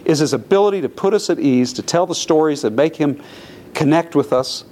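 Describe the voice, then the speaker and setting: A man speaks to a live audience in a room. His voice sits on the higher side, and he talks in an animated, storytelling way, often putting questions to his listeners. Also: fairly quick. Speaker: lecturer. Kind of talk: public talk to a live audience.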